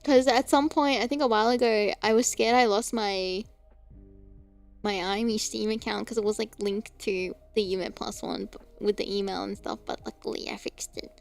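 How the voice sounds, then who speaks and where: A woman's voice: medium pitch, fairly even intonation, moderate pace, creaky, soft background music. A young woman streaming, chatting casually about games, laughing often and swearing now and then. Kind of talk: casual chat.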